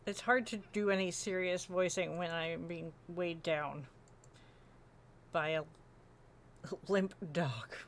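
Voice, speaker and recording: A woman's voice: on the low side, slow, long pauses. A woman voicing game characters and making wry asides between the lines. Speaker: voice actor dubbing a game. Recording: loud background noise.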